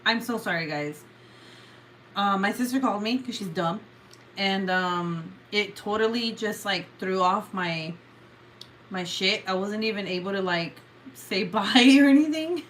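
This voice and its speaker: A woman's voice: medium pitch, unhurried, fairly bright tone, a little hiss or hum. A young woman from California who hosts a late-night livestream, chatting casually, sounding sleepy, swearing a lot and laughing often. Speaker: livestream host.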